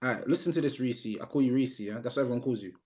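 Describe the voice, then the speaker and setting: A man's voice: mid-range voice, racing, a little mellow. A man hosting a live stream, pushing his point and repeating himself to be heard. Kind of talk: heated argumentative debate.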